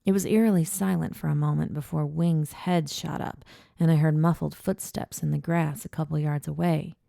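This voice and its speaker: A woman narrates an audiobook in a measured, low-key voice. It sits low and gravelly with a dark tone. The recording is dry and close. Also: steady tone, no echo. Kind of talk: scripted first-person audiobook narration.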